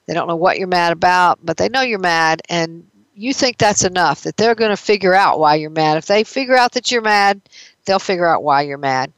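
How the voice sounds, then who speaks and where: A woman's voice: fairly low pitch, normal speed, dry recording, rough recording. A woman therapist giving a conversational talk on emotions, explaining with everyday examples.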